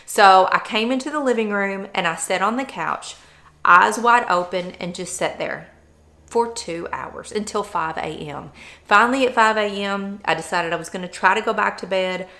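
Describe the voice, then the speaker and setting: A woman's voice: medium pitch, normal speed, bright, forceful tone. A woman vlogger talking candidly and earnestly about her personal experience. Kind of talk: personal vlog chat.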